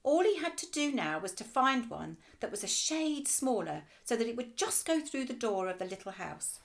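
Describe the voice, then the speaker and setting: A female teacher reading a children's storybook aloud in an expressive, lively way. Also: on the high side, normal speed, vocal fry.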